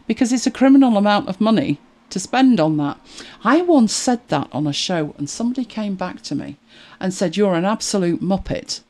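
A middle-aged woman chatting to camera as a video creator, animated and exasperated, laughing at herself. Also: mid-range voice, moderate pace, hardly any pauses. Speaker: YouTube creator. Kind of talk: casual chat to camera.

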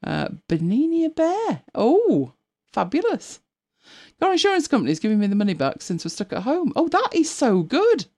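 Chatty, laughing woman with a lively voice. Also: high voice, normal speed. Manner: chatty, laughs often, greets viewers by name while searching for pictures. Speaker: live stream host. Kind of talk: casual live-stream chat with viewers.

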